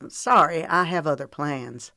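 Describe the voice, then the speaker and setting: A woman's voice: low-pitched, a little slow, bright, forceful tone, dry recording, studio quality, full character voice. A woman narrator voicing a polite, reserved young man who plays football, answering casually.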